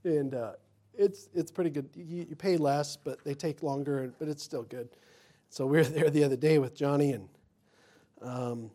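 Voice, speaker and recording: A man's voice: a little high, warm tone. Folksy storytelling male pastor. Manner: folksy storytelling, acts out quotes. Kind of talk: sermon with personal anecdotes.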